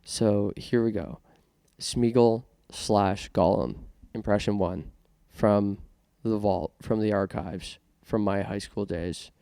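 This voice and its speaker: A man's voice: on the low side, slow, warm tone, clean tone, no echo, clean studio sound. A man from Canada hosting a casual podcast monologue, self-conscious and rambling with many restarts. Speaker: podcast host.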